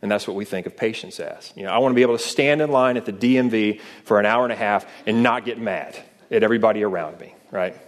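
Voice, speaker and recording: A man with a somewhat low voice preaches a sermon. He talks to the congregation in a conversational way and keeps asking them rhetorical questions. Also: quick pace, few pauses. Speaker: pastor.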